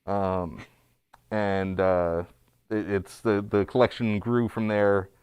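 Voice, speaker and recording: Man, low pitch, smooth resonant voice, dry close sound, halting with fillers, casual stream chat. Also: level tone, darkish tone, dry recording. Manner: hesitant, many fillers and restarts. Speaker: guest pinball technician. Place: small studio.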